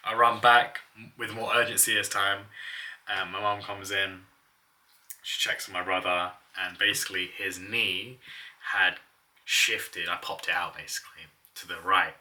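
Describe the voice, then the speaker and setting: A man's voice: sits low, fairly even intonation, a little slow, bright, forceful tone, recorded from a distance. A young man telling personal stories in a casual, chatty way, often laughing as he talks. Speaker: vlogger.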